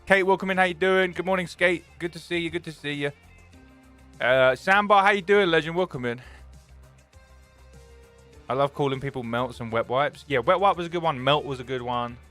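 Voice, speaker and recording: A young man, live streaming and chatting casually with viewers, greeting them by name and telling excitable stories. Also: fairly high pitch, moderate pace, pauses often, soft background music.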